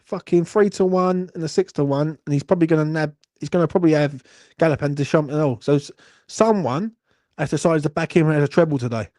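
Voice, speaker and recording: A man's voice: fairly high pitch, quick pace, mellow, no echo, clean studio sound. A young man, hosting a live horse racing watchalong, swearing and grumbling in a rambling way. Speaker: watchalong host.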